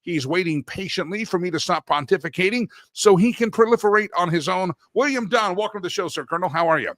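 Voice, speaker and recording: A man's voice: sits high, quick pace, a bit bright, dry recording, studio quality. A middle-aged man hosting a talk show, telling rambling personal stories and often correcting himself mid-sentence. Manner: rambling, anecdotal, self-correcting. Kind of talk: casual talk show monologue.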